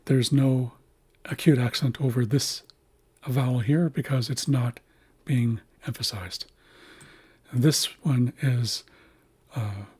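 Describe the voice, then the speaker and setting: A man teaching a language in a livestream lesson, speaking slowly and carefully and repeating words to show how they are said. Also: medium pitch, darkish tone, husky.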